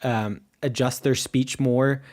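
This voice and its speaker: A man's voice: mid-range voice, slow. Young american guy cohosting a podcast, lots of ums and restarts. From United States. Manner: relaxed, hesitant, many fillers and restarts. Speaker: podcast co-host. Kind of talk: casual chat.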